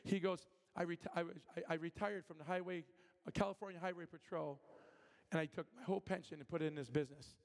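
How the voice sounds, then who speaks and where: Speaking as a guest preacher in a church sanctuary, this Michigan man has a voice pitched slightly high for a male, with vocal fry, a steady tone, and a fast pace, all echoing in a long hall reverb. His sermon mixes storytelling with prophetic ministry, acting out each voice animatedly and frequently starting sentences over.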